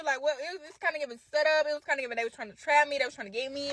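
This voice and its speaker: A woman telling a story in a casual, animated way, swearing freely and talking straight to her viewers. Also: sits high, rapid-fire, a little hiss or hum.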